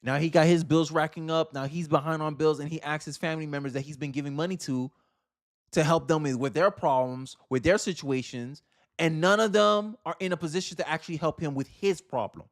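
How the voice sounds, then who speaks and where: A man's voice: fairly high pitch, brisk. A man hosting a livestream, giving emphatic, opinionated political commentary and repeating phrases for effect. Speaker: livestream host.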